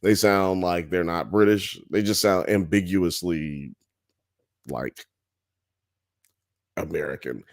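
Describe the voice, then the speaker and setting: A man's voice: low voice, slow, pauses often. A man hosting a podcast, chatting loosely and profanely with his co-hosts. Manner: loose, profane, animated banter. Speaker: podcast host. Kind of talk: casual chat.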